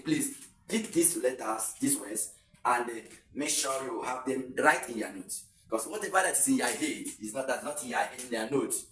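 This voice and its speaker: A Nigerian man teaching at a board who explains patiently and repeats himself for emphasis. His voice sits at an ordinary pitch and is picked up from across a roomy classroom, with a faint hiss under it. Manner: explanatory, repeats phrases, many fillers. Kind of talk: classroom exam tutorial. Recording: roomy, distant camera mic with faint hiss.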